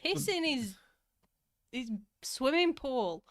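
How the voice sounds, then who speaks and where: A woman's voice: sits high, lively intonation. A woman co-hosting a casual chat who laughs easily. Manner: giggly and quick to laugh. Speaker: co-host, the host's partner.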